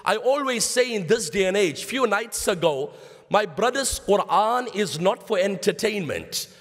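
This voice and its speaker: A high, fairly bright male voice with lively intonation moves at an unhurried pace through a sermon. The speaker, an Islamic lecturer with a South African accent, recounts stories, speaks to listeners as brothers, and drops in Arabic phrases. The mosque hall's long reverb is audible throughout.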